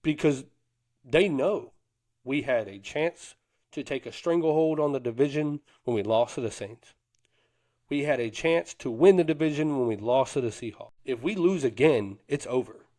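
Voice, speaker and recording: This co-host of a sports podcast is a man whose mid-range voice has a darkish tone and a moderate pace. His talk is pumped-up fan bragging, seasoned with Southern phrases like "cuz" and "them boys."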